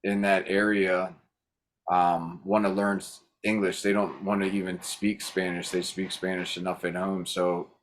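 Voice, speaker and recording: A man's voice: low-pitched, flat delivery, measured pace. A man chatting casually on a video call, rambling and hesitant with frequent restarts. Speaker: workshop host.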